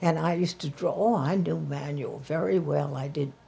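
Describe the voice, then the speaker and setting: An older woman being interviewed, recalling the past slowly and haltingly. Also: deep voice, creaky, mellow, husky. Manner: slow, halting recollection. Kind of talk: reminiscing in an interview.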